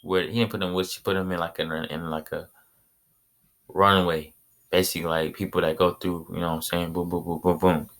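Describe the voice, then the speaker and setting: A man's voice: low-pitched, little pitch movement, fairly quick, fairly bright tone, a little hiss or hum. Rambling man telling a made-up story. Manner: rambling, slangy, many fillers and restarts. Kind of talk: casual retelling of an invented anime story.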